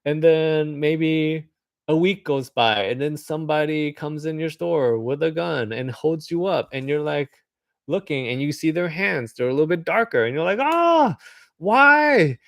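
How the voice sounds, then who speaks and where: A man's voice: on the high side, normal speed, gravelly, no echo. Man rambling casually on a dry mic. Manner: meandering, acts out hypothetical voices, with filler words. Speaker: vlogger.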